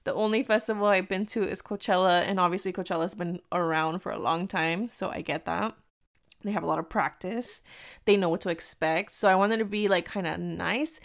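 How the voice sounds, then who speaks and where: A woman's voice: fairly low pitch, a little fast, gravelly. A young adult woman telling a story to her viewers in a casual vlog. She is chatty, says "like" constantly, swears freely and laughs often as she talks. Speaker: vlogger.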